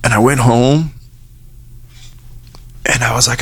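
A man's voice: steady tone, slow pace, fairly bright tone, breathy edge. A man who works as a radio DJ, speaking from the station studio and telling a personal story candidly, acting out the dialogue in it. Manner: candid storytelling, acts out dialogue with lifted pitch.

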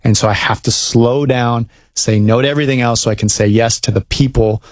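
Earnest dad, reflective and conversational, a few fillers, dry close sound. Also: male voice, mid-range voice, steady tone, brisk, no room sound. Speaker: guest speaking as a dad. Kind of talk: casual faith-based conversation.

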